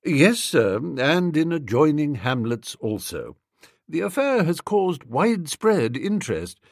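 Guy doing a stiff polite valet, calm and formal, lively pitch at times. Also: no echo, clean studio sound, exaggerated voice. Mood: deferential. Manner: formal, measured, unflappable. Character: grave, deferential male valet, middle-aged.

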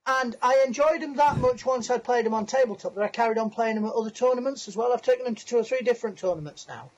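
A high-pitched man chatting on a video call, spinning a long tale with a self-mocking grin in his voice. The call audio is muffled and lo-fi. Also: fast. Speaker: guest. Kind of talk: casual anecdote storytelling.

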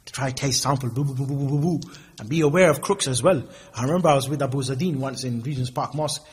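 A man's voice: fairly high pitch, slightly rough. A man preaching informally, telling stories and acting out the people in them. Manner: animated storytelling, mimics people in quoted exchanges. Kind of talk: informal sermon with acted-out dialogues.

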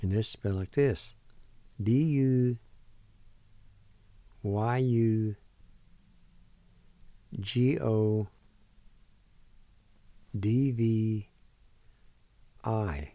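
A man hosting a radio language lesson. He spells words letter by letter and says them again slowly, one syllable at a time, in a patient, deliberate way. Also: on the low side, mellow, no room sound. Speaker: radio host teaching vocabulary.

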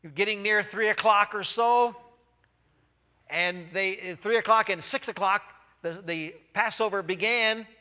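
Pastor guy preaching, high bright voice, repeats stuff for emphasis, goes quiet and low on the heavy parts. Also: unhurried, clean tone, big-room sound. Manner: emphatic, repeats key phrases. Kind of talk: sermon.

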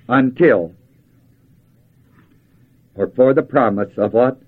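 A man's voice: fairly high pitch, lively intonation, moderate pace, long pauses, husky. An older man preaching a sermon in a folksy way, asking the audience questions and answering them himself. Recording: dull lo-fi old tape.

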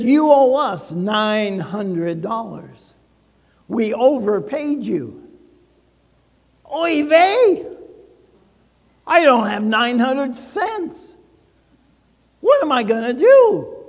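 An older man pastor delivering a sermon, telling a personal story with humor and dramatic pauses. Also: extremely high pitch, long reverb tail.

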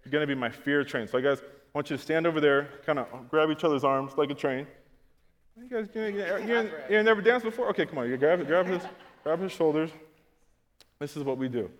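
A man preaching a sermon to his congregation, telling comic stories and acting out scenes, swinging from loud to quiet. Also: a little high, brisk, big-room sound, lo-fi sound. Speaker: pastor. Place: church auditorium, on stage.

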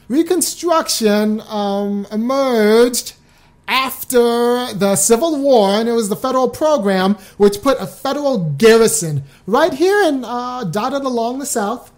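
A woman's voice: a little high, animated, a little slow. A middle-aged woman hosting a casual commentary show, talking wryly and reading out old letters. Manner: conversational, wry, speeds up when emphatic.

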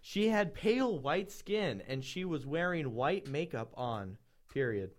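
A man with a slightly high voice reads overwrought fan fiction aloud in a flat, deadpan way. He keeps stopping to swear in disbelief, turning the reading into comedy. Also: a little slow.

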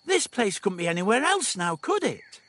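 A man's voice: high-pitched, sing-song, moderate pace, a bit bright, pitched above the performer's own voice, heavily acted. A man voicing a defiant, know-it-all teenage girl in an audiobook. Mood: scornful. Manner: cocky, scornful, know-it-all. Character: defiant cheeky teenage girl time traveller. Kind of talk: audiobook dialogue.

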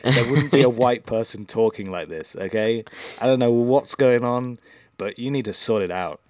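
A man's voice: medium pitch, normal speed, a little mellow, no room sound. A man co-hosting a podcast in casual chat, rambling and hesitant with lots of um and uh. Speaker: podcast co-host.

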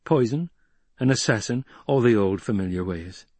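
Male reader as a cold young duke, firm, husky, dry. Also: on the low side, lively intonation, dark tone, dry recording. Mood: cold resolve. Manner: measured, firm.

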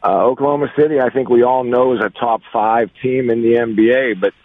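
A man calling in as a guest coach on a sports radio show, answering slowly with many restarts. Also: medium pitch, steady tone, no room sound. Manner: hesitant, many restarts, measured. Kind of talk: sports radio phone interview. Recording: tinny phone line.

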